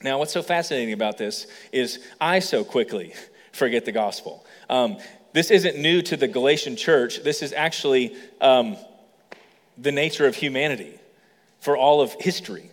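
A man preaching a sermon as a pastor, animated, building to emphatic passages and acting out quoted lines. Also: medium pitch, moderate pace. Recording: long reverb of a large hall.

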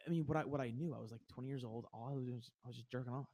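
A man's voice: medium pitch, steady tone, mellow. A young man from New Jersey, a guest comedian, chatting casually and often stumbling over his first words. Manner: halting, repeats words when starting a thought. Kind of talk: casual chat.

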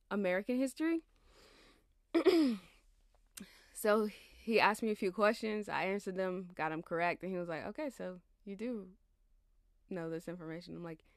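A woman's voice: lowish voice, no echo, clean studio sound. A young woman in her twenties rambling casually and tiredly about her life, chatty and slangy, laughing as she digresses. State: tired, yawning. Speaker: podcast host.

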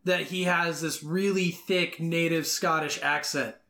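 A man's voice: a little high, fairly even intonation, a little slow, sharp tone. A man co-hosting a casual podcast chat, blunt and playfully argumentative, swearing as he talks.

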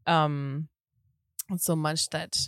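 An excited woman with a low voice chats on a podcast, laughing often and talking eagerly. The sound is dry and close, recorded in a small caravan. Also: takes it slowly, clear, resonant tone, no echo. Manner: excited, chatty, laughs a lot. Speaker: podcast co-host. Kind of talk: casual chat. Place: bed in a caravan.

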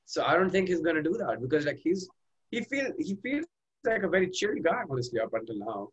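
A man's voice: fairly high pitch, very animated, fairly quick, husky, lo-fi sound. A man co-hosting a podcast, chatting easygoingly about a TV show with stammering restarts. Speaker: podcast co-host. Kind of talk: casual chat recapping a TV show.

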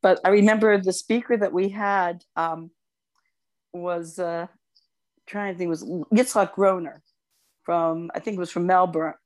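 An older woman co-hosting a podcast, telling long personal stories in casual chat, animated and quick to gush. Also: on the low side. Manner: animated storyteller, gushing over cute animals. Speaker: podcast co-host.

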